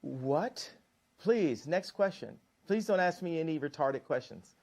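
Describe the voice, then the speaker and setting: A man's voice: fairly high pitch, lively intonation, a little slow, darkish tone. A man as a guest in a heated TV interview, talking confrontationally, repeating and mocking.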